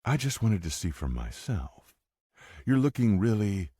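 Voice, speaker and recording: Smug sly woman, deep-voiced guy putting her on, husky and mocking, dry sound. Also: sing-song, a little slow, warm tone, no room sound, exaggerated voice. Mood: smug taunting. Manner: mocking, taunting.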